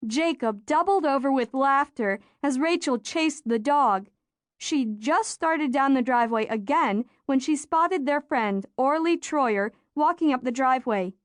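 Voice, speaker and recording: High-pitched lady reading a kids' story, dry studio mic, lively. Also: unhurried, no echo. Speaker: audiobook narrator. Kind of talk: scripted narration. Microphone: studio microphone.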